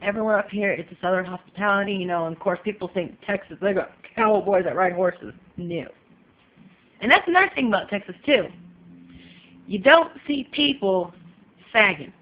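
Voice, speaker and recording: A woman's voice: medium pitch, moderate pace. Woman from California, casual home vlogger, chatty and emphatic, muffled lo-fi sound. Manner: chatty, emphatic, leans on "you know". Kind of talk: casual opinion vlog. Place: home in Texas.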